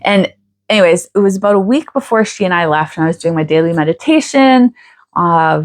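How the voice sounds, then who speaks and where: A woman's voice: lowish voice, darkish tone. A woman vlogger telling a personal story in a chatty way, laughing often and acting out quoted lines. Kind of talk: casual storytelling to camera.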